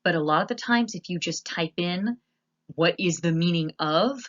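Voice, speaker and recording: A woman teacher narrating a slide lesson, explaining patiently and spelling words out slowly. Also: fairly low pitch, muffled recording.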